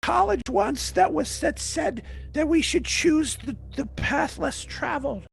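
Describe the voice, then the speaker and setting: High-voiced lady joking around at d&d, a bit of fry, faint music. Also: lively intonation, unhurried. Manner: playful and joking. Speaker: player. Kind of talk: casual tabletop play.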